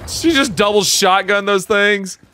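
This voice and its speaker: Young dude yelling and laughing at game clips, bright voice, slow drawn-out talk. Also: male voice, high voice, a little hiss or hum. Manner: hyped, shouting, swearing and laughing. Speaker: reaction video host. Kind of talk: excited reaction commentary.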